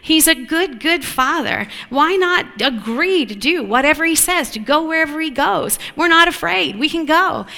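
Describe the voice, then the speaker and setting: A woman preaching a sermon in an animated way, often asking the listeners whether they agree. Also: sits high, moderate pace, creaky, few pauses. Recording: long hall reverb.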